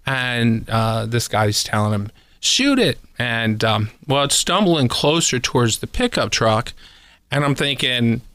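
A man's voice: medium pitch, unhurried, fairly bright tone, no echo. A man, a pest control technician, telling a rambling story as a radio guest, with lots of ums and chuckles. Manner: rambling, chuckling, many fillers. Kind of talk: casual radio interview storytelling.

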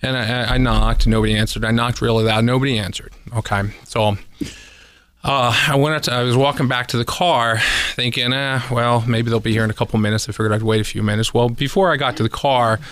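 A man's voice: mid-range voice, fairly even intonation, a little fast, a bit bright, clean tone, no room sound. A man, a pest control technician, telling a rambling story as a radio guest, with lots of ums and chuckles. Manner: rambling, chuckling, many fillers. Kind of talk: casual radio interview storytelling.

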